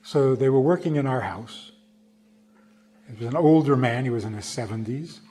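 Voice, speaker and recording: A man, a rabbi, giving a storytelling talk, speaking slowly and emphatically and acting out the quoted voices. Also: mid-range voice, mellow, slightly rough. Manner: slow, emphatic, acts out quotes. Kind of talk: storytelling lecture.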